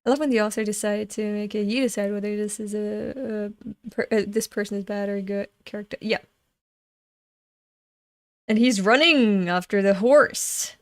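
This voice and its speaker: A woman's voice: medium pitch, fairly even intonation, moderate pace, dry recording, studio quality. A young adult woman reading a comic aloud at home, voicing every part herself and breaking off to react. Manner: reads all parts herself, breaks off to gush and laugh. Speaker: webcomic reader.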